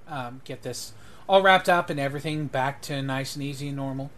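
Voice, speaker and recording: A man's voice: medium pitch, fairly quick, fairly bright tone, close to an everyday voice. A man voicing a friendly male demi-elf mercenary envoy who talks in an affable, slightly hesitant way.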